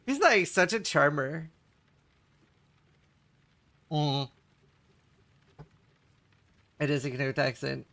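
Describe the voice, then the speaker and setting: Gravelly man streaming a game. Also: fairly high pitch. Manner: relaxed, chatty, answers chat between plays. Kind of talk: casual live-stream commentary.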